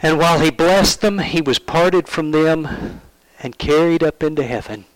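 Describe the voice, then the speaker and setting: A man preaches a sermon, retelling a Bible story like a storyteller, posing questions to his listeners and dropping to hushed tones. His voice is on the high side and unhurried, in a dry, rough recording.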